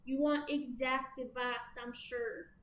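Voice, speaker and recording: A woman's voice: high voice, fairly even intonation, slow, a bit bright. A woman with a Southern American accent gives a casual, chatty tarot reading, full of playful asides. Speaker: tarot reader. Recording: echoey room with faint background noise.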